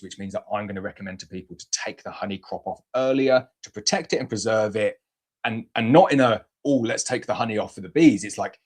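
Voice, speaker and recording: A man's voice: lowish voice, darkish tone. A man hosting a casual beekeeping question-and-answer show, blunt and chatty, with playful mock examples. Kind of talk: casual live Q&A.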